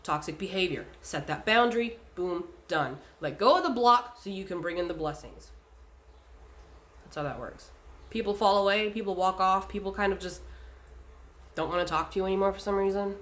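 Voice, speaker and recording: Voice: mid-range voice, normal speed, fairly bright tone. A speaker talking casually and bluntly, giving spiritual advice in a vlog, swearing often and using lots of fillers.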